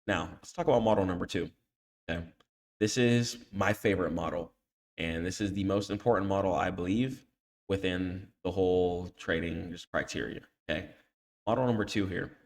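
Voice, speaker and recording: A man's voice: sits low, normal speed. A man teaching trading on a chart, talking in casual slang and tagging "okay?" onto nearly every point. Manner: scolds emphatically when warning against emotional trading. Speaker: trading educator. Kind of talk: screen-share chart tutorial.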